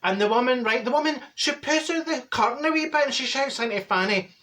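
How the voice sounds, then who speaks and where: A man's voice: very high-pitched, brisk, pushed and bright. A man doing a blunt Glaswegian auntie. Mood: gossipy. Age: middle-aged. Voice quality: chatty, blunt, gossipy storytelling. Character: straight-talking middle-aged Glasgow woman, gossipy and blunt. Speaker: comedy character monologue. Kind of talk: comic monologue.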